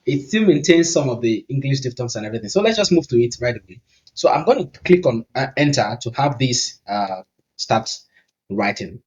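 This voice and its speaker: A man's voice: mid-range voice, a little mellow. Upbeat Nigerian man with a dull, lo-fi sound. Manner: chatty and upbeat, thinking aloud as he goes. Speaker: tech YouTuber. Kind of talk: casual screen-recording tutorial.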